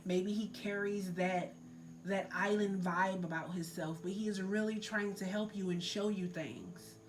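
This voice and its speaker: A woman talks through a tarot reading in a loose, filler-heavy way, earnestly pressing her listeners to let things go. Her voice sits at an ordinary middle pitch. A faint hiss runs under the recording. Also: fairly even intonation, unhurried. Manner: loose and filler-heavy, many likes and ums. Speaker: tarot reader. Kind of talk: casual spiritual tarot reading.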